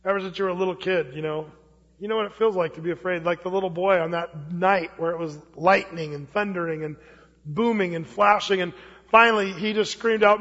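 Male pastor, high voice, casual sermon delivery, long hall reverb on a muffled recording. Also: steady tone, brisk, a bit bright. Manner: conversational preaching with folksy asides.

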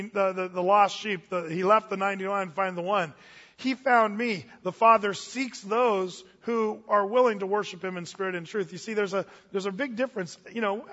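A man's voice: high voice, fairly bright tone. A male pastor giving a sermon to his church in a casual, folksy way, with asides and restarts. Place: church hall. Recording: dull audio with long reverb in a church hall.

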